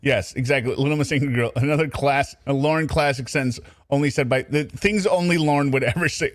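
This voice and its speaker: A man's voice: medium pitch, fairly quick, hardly any pauses. A man giving amused, sarcastic commentary on a true crime story, laughing often. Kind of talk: reaction commentary.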